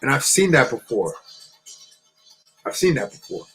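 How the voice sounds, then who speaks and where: A man from New Jersey, a channel co-host, telling a personal story in a halting, repetitive way with many restarts. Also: medium pitch, very animated, fairly bright tone, husky, faint music behind, low-quality recording.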